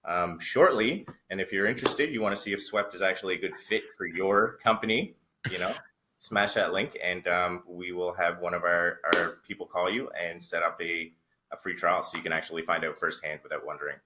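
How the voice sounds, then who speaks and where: A man's voice: low-pitched, a little fast, background noise. A man from Canada hosting a casual webinar Q&A on a video call, upbeat and full of fillers. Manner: upbeat, filler-heavy, laughing along. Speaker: webinar host.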